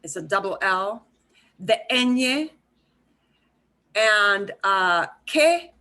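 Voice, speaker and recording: Woman, unhurried language teacher on a video call, clear and bright tone, patient. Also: mid-range voice, lively intonation. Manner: patient, explains slowly with repeats and fillers. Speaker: Spanish teacher. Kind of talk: online class instruction.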